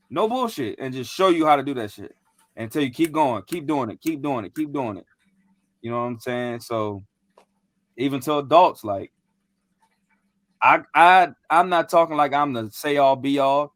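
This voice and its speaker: A man's voice: medium pitch, lively intonation, moderate pace, a bit bright, no echo, clean studio sound. Slangy young man telling a story. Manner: loose, slangy, rambling with many fillers and restarts. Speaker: podcast co-host. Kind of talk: casual storytelling chat.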